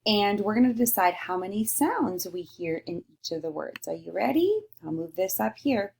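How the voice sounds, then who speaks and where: A woman teacher giving a recorded lesson to young children, slowly sounding out letters and praising answers. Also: mid-range voice, lively intonation, vocal fry, a little mellow, husky. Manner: slow, sing-song and encouraging, sounding out letters.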